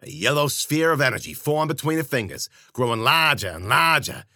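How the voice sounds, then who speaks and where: Male storyteller, tough-guy slang, lively pitch, bright clear tone, dry close mic. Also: brisk, dry recording. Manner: tough-guy slang, wry asides to the listener. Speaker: storyteller and podcast host. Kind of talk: first-person hardboiled storytelling.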